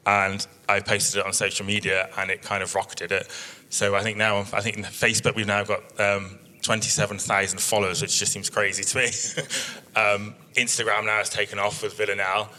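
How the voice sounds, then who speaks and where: A man's voice: on the low side, flat delivery, brisk, sharp tone. A man in his thirties, a sheep breeder giving a chatty, story-filled workshop talk with slides and plenty of ums. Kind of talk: presentation with slides.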